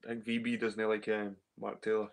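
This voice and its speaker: A man's voice: fairly low pitch, completely flat delivery, brisk, gravelly. A Scottish man hosting a casual livestream, rambling and swearing as he reads and answers the chat. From Scotland. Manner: rambling, swearing, repeats himself. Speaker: livestream host reading chat.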